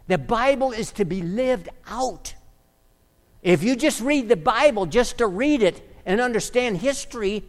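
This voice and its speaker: High-voiced man preaching in a reverberant hall. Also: expressive, measured pace. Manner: emphatic, rhetorical questions. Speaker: pastor. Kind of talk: sermon.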